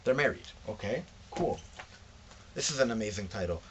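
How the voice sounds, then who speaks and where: Speaking at normal speed with lively intonation, a young book vlogger with a lowish voice tells the story of books he found. Slangy asides and acted-out quotes from his friends fill his chat, with slight background noise.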